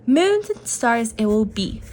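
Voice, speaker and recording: A squeaky, excitable little storybook mouse, put on by a woman reading aloud. She sounds high and breathless, and her lines come out slow and careful. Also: full character voice. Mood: excited squeaky.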